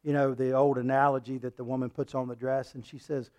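A male preacher delivering a sermon, reading scripture and swinging between loud, forceful passages and hushed ones. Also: medium pitch, little pitch movement, a little fast. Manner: reads scripture aloud and acts out quoted lines.

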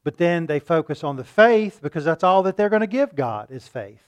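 Male preacher, fairly high voice, teaching tone with rhetorical questions. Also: normal speed, few pauses, clean tone. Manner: shifts between calm teaching and loud acted-out pleading. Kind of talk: sermon.

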